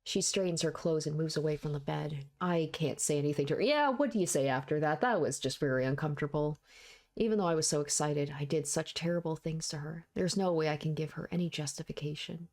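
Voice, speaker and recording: A woman's voice: deep voice, brisk, a little mellow. A woman reading a visual novel aloud, narrating steadily and breaking into candid asides. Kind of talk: game read-aloud with commentary.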